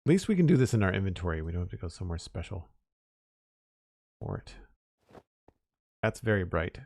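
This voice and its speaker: A low-pitched man with a gravelly, creaky edge talks through his building choices on a live stream, easygoing and thinking aloud. His voice is a little hoarse, as if he is losing it. The sound is dry and close, with no room echo. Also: brisk. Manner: relaxed, thinking aloud with small restarts. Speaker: game streamer. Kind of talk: casual live-stream commentary while building.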